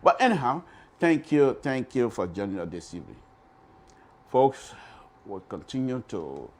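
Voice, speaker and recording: A man's voice: medium pitch, very animated, measured pace, a little mellow. A middle-aged man with a Liberian accent hosting a radio talk show, who repeats his phrases for emphasis and keeps calling his listeners folks.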